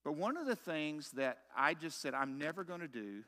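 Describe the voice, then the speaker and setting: A man's voice: fairly high pitch, sing-song, normal speed, sharp tone. A middle-aged man preaching a sermon as pastor, telling a story with self-mocking humor and punchy rhetorical questions.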